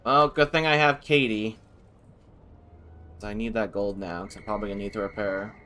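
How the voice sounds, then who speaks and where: A man's voice: lowish voice, steady tone, fairly quick, pushed and bright, faint music behind. A young man streaming a game live, talking casually with swearing and exasperated questions. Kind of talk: live gameplay commentary.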